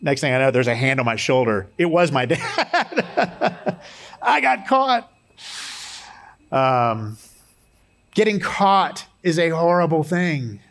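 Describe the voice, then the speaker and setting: A man preaching a sermon in a conversational way, mixing scripture with personal stories and light humor. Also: medium pitch. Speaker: pastor.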